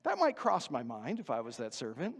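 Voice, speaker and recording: A man preaching a sermon as pastor, animated, swinging between loud emphasis and hushed asides. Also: medium pitch, brisk, breathy edge. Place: church sanctuary. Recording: church hall reverb.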